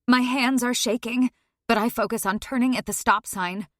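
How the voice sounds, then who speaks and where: A woman's voice: fairly high pitch, a little slow, a bit bright, no echo, clean studio sound. Tense, emotional woman narrating a story. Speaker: audiobook narrator. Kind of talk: first-person dramatic story narration.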